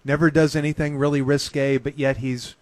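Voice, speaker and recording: A man hosting a show, chatting casually and recounting a comedy show he saw with relaxed enthusiasm. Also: fairly high pitch, fairly quick, no room sound. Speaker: radio host. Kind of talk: casual chat.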